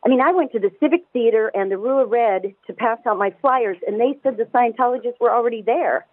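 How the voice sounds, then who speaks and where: A woman calling in to a radio talk show, speaking fast and emphatically and often restarting her words. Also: fairly high pitch, no room sound. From United States. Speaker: caller. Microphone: telephone. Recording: tinny phone line, dry.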